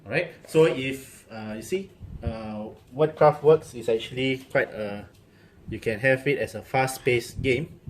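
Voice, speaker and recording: A man's voice: mid-range voice, measured pace, a little hiss or hum. A man demonstrating a word game casually, saying okay often and counting points aloud.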